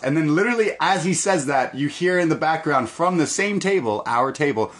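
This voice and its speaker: A man's voice: a little high, a little fast. A man co-hosting a wrestling podcast in casual chat, telling stories with lots of laughs. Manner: animated storyteller, laughs often. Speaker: podcast co-host.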